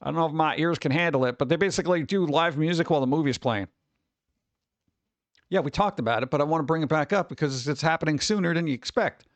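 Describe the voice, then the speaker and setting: A man with a slightly high voice hosts a loose livestream chat, rambling and grumbling as he talks to viewers. His mic is close and dry, with little room sound around it. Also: quick pace, dry recording. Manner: rambling, exclaims and grumbles at tech trouble. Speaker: livestream host. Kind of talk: casual live-stream chat.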